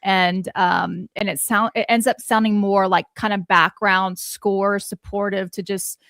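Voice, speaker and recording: A woman talks as a panel guest, thoughtful and a little hesitant as she chooses her words. Her tone is bright and sharp with a gravelly edge, and the sound is dry and close. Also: medium pitch, fairly even intonation, measured pace, no room sound. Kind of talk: casual panel discussion.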